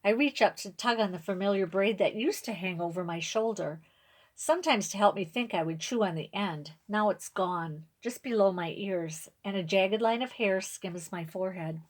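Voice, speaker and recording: Gentle woman reading a picture book. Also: medium pitch, normal speed. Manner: gentle, with asides to the audience. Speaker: storyteller reading to viewers.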